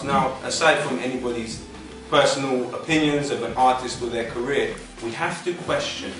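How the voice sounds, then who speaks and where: Young British male activist, impassioned speaker, distant and roomy with faint music behind. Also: mid-range voice. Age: young adult. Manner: passionate rhetorical questioning. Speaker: rapper and activist. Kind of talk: public talk. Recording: echoey room, far from mic, faint music.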